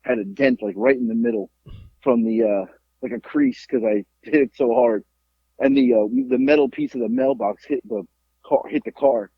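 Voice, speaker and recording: A man from Florida, a podcast host, telling a profane story in a lively, repetitive way. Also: mid-range voice, normal speed, breathy edge, dry recording, highs cut off. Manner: animated, profane, repeats himself. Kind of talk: casual storytelling chat.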